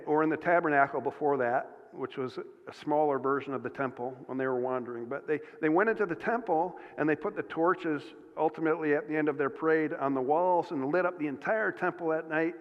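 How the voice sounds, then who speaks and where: An earnest male pastor preaches a sermon, often restarting his sentences and leaning on "uh" and "um" as he goes. His voice sits a bit high for a man. It rings with long reverb through a church hall, and the recording sounds muffled and dull.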